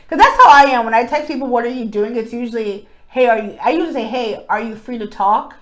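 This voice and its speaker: Young woman, podcast cohost, blunt, rambling, swears a lot, fairly high voice. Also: quick pace, few pauses. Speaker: podcast co-host. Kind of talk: casual chat.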